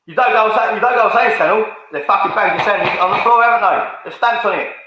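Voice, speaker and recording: Brief: man, bright high voice, confrontational swearing rant, very echoey room. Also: quick pace, a little hiss or hum. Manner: confrontational, swearing, repetitive, calls people out. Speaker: fan channel YouTuber. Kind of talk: angry rant to camera.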